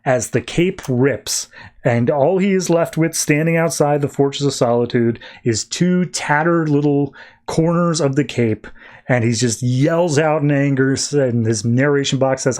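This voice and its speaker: Guy casually retelling a comic on a podcast, rambly, mid pitched, jumps into voices. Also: normal speed, a little mellow. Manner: rambling storytelling, acts out quotes. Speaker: podcast host.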